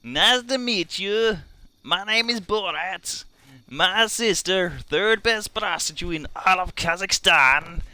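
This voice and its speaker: A man putting on a slow, exaggerated impression of a boastful foreign male traveler, in a high, strained accent. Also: pushed and bright, clear, resonant tone, dry recording, exaggerated voice. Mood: chirpy.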